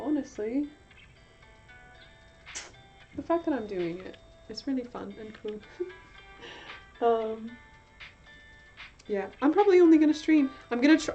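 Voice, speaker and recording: A woman's voice: on the high side, darkish tone. Tired young woman in a put-on British accent. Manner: rambling, self-mocking. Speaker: livestream host. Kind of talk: casual livestream chat. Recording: dull lo-fi sound, faint music behind.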